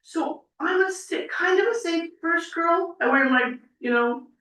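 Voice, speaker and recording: A woman's voice: very high voice, measured pace, sharp tone. Tearful woman speaking in an echoey chamber. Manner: tearful, rambling, earnest. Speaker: public commenter at a city council meeting. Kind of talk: emotional public comment. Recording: echoey council chamber, mic at a distance.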